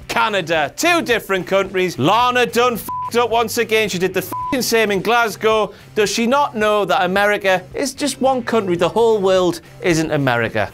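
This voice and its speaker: A man with a strikingly high voice rants through a comedic wrestling review. He swears freely and lays on the sarcasm, with faint music running underneath. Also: animated, moderate pace, few pauses, a bit bright. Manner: profane, sarcastic ranting.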